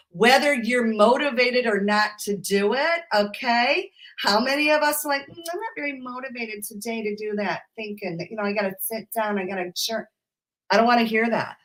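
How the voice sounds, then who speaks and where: A woman business coach giving an emphatic, sassy, high-energy motivational talk straight to her viewers in a live stream. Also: a bit bright.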